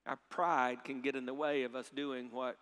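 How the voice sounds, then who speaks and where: A middle-aged man preaching a sermon, telling a story with big swings from hushed to loud and leading the crowd in repeated phrases. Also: medium pitch, flat delivery, normal speed. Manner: repeats phrases, leads audience call-and-response. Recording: long hall reverb.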